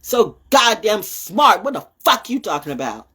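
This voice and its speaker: A woman hosting her own show in a blunt, profane rant that swings from loud outbursts to low muttering. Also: sing-song, measured pace, slightly rough. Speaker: podcast host. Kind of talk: casual livestream rant.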